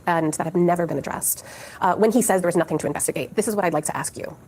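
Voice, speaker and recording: A woman's voice: on the low side, very fast, a little mellow, a little hiss or hum. A woman making insistent, emphatic points on a news panel. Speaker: commentator. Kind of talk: panel commentary.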